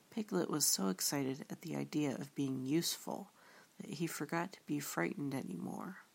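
A woman reading a story aloud in a soft, often whispered way. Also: sits low, vocal fry, breathy edge. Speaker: reader.

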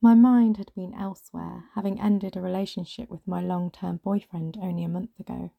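A woman reading a first-person story aloud in a hushed, often half-whispered way. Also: fairly low pitch, fairly even intonation, moderate pace, gravelly, no room sound. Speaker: narrator.

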